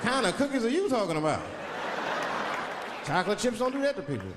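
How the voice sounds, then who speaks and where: A man's voice: high voice, sing-song, fairly quick, background noise, voice pushed up. A man doing a frantic, screaming cookie monster. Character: loud wild-eyed cookie-crazed male monster. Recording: roomy hall with crowd laughing.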